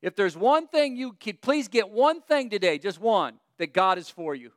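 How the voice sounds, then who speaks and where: Rich: A male preacher with a high, smooth and resonant voice delivers a lively, conversational sermon. He often turns to his listeners with questions. The sound is dry and close. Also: moderate pace, no echo. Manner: expressive, conversational, asks the audience questions.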